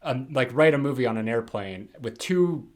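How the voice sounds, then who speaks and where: A man's voice: medium pitch, animated, normal speed. A man co-hosting a podcast, chatting casually about a film and rambling through many restarts. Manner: rambling, full of fillers and restarts. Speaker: podcast co-host.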